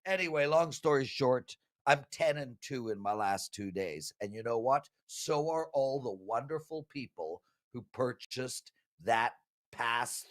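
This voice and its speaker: A man, a sports handicapper, pitching his picks in a casual chat, animated and pleading, swinging from loud bursts to low mutters.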